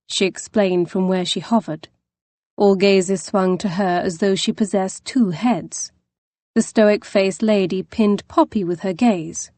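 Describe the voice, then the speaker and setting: A woman narrating a historical romance audiobook in an even, measured storytelling voice. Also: medium pitch, no room sound. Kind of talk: scripted narration.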